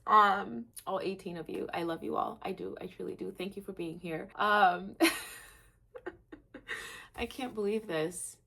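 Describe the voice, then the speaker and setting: Candid woman rambling to camera, lower voice. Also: measured pace, creaky, breathy edge. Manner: candid, rambling, heavy use of "like"; laughs at herself, swings between low and excited. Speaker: vlog host. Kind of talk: candid gratitude vlog, talking to camera.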